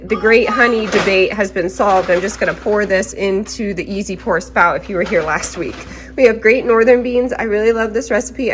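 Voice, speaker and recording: Against some background noise, a woman in her thirties with a medium-pitched voice walks through a grocery haul for her mom vlog. She comes across as talkative and practical, a bit under the weather, and prone to rambling tangents.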